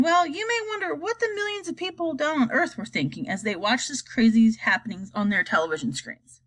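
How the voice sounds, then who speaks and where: A woman reading a children's storybook aloud, expressive and lively. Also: sits high. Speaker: reader.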